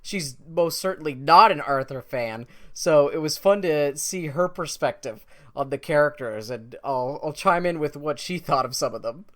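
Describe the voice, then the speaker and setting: A man's voice: fairly high pitch, lively intonation, moderate pace, few pauses, a bit bright. A man co-hosting a podcast, chatting casually in an easygoing way and laughing heartily. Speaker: podcast co-host. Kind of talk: casual chat.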